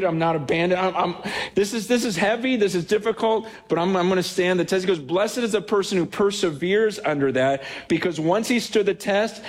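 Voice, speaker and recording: A male pastor with a somewhat high voice preaches in a loose, conversational way. He stumbles over restarts and acts out the people in his stories as he goes. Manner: conversational, animated, with many restarts and acted-out quotes. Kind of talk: sermon.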